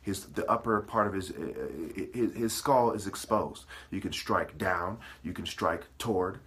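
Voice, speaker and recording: Speaking unhurriedly in a low, slightly bright voice, a man rants in a preachy, profane monologue, breaking words apart syllable by syllable as he lectures.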